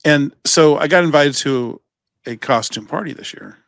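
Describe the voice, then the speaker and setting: A podcast co-host chats casually, his voice slightly high and fairly bright at an ordinary speed, with no echo. He tells stories in a rambling, playful way and keeps restarting his sentences.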